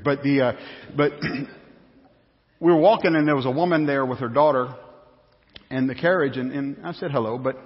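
Preacher echoing through a hall. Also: male voice, mid-range voice. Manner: conversational, repetitive, anecdotal. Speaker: pastor. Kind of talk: sermon. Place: church sanctuary. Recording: echoey church hall, dull sound.

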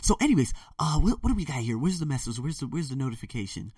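A man's voice: medium pitch, very animated, fast talker, darkish tone, no room sound, distant mic. A young man hosting a podcast, ranting bluntly and profanely in a casual monologue from his bedroom. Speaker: podcast host. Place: bedroom with door closed. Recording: dry room, voice a bit off-mic.

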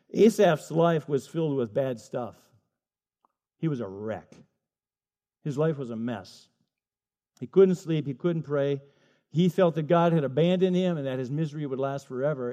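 A man's voice: medium pitch, dark tone. A middle-aged male pastor preaching a sermon, telling stories with acted voices and emphatic repetition.

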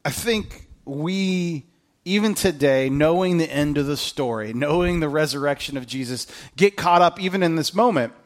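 Conversational pastor, higher-pitched man. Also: normal speed. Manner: conversational preacher, swings between quiet asides and emphatic highs. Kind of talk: sermon.

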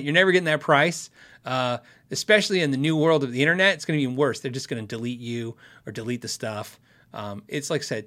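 A man's voice: fairly high pitch, fairly bright tone. A man hosting a casual livestream, answering viewer questions in a friendly, frank way and laughing often.

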